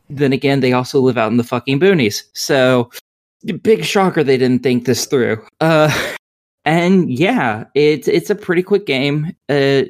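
A woman's voice: rumbling low, a little slow, a little mellow. A woman co-hosting a podcast, reviewing a video game in casual chat with a rambling, profane, sardonic way of talking.

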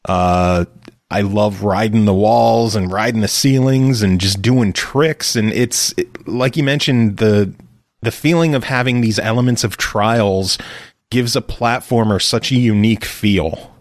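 A man's voice: fairly low pitch, unhurried, no echo, studio quality. Easygoing man hosting a podcast. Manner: easygoing, keen on games. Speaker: podcast host. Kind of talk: casual chat.

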